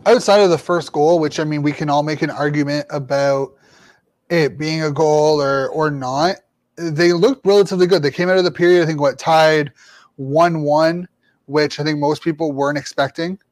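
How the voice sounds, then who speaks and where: A man's voice: on the high side, moderate pace, no room sound. A man hosting a hockey podcast, opening the show and chatting casually about last night's game. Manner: upbeat, relaxed, reads sponsor plug. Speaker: podcast host. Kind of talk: casual sports podcast chat.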